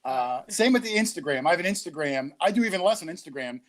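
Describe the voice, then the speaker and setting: A man's voice: a little high, expressive, fast talker. A man appearing as a guest on a live podcast, chatting casually over a video call with a joking, self-deprecating, rambling manner.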